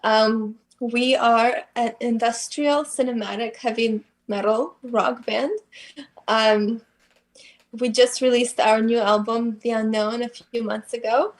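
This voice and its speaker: A woman, a band singer, guesting on a casual livestream interview, relaxed and laughing softly. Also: on the high side, slow.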